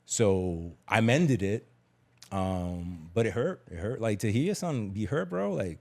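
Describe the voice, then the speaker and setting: A man's voice: on the low side, animated, a little slow, creaky, a little mellow. A middle-aged man talking candidly on a podcast, emphatic and slangy, repeating words as he tells a personal story. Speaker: podcast guest.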